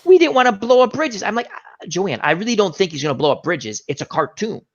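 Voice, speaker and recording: A man with a high-pitched voice hosts a casual live chat, speaking fairly quickly as he tells a long story with animated flair, acting out the other people's lines. The stream audio is dull and lo-fi.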